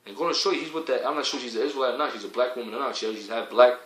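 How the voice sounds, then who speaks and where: Fiery ranting man, bright echoey voice. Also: medium pitch, rapid-fire. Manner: fiery, profane, repetitive, rising to shouts. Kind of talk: heated preaching rant.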